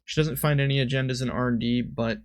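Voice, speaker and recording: A man's voice: mid-range voice, fairly even intonation, fast talker, no room sound. A man giving casual commentary on a card game, thinking aloud and often stopping to correct himself. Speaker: streamer and commentator.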